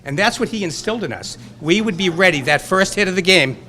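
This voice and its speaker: A man's voice: a little high, lively intonation, a little fast, hardly any pauses, bright, forceful tone. A man in his sixties with a Boston accent, giving a rambling, nostalgic acceptance speech at a hall of fame banquet. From Burlington, Massachusetts. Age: 60s. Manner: rambling, nostalgic, fired-up storytelling.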